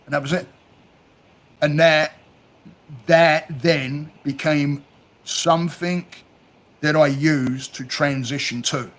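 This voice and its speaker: A man's voice: on the high side, fairly even intonation, slow pace, pauses often, a bit bright. A man from South East London with a Cockney accent, chatting casually, telling stories and swearing freely. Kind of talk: casual chat.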